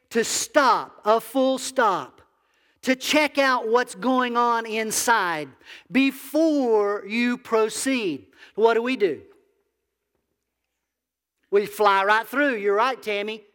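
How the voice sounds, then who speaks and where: A man's voice: very high-pitched, a bit bright, long reverb tail. A man, a biblical counselor, preaching a conversational sermon that asks the audience questions. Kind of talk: sermon to a congregation.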